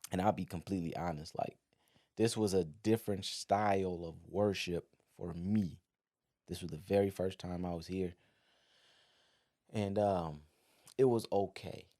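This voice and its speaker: A man in his thirties hosting a podcast, telling a personal story in a relaxed, conversational way, full of "like" and "you know". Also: deep voice. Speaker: podcast host. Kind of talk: casual storytelling.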